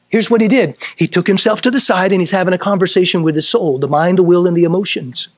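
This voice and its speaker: A man's voice: sits high, lively intonation, quick pace, few pauses, no room sound. A middle-aged man preaching a sermon as pastor, quoting scripture in old-style wording and rising to emphatic bursts. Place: church sanctuary.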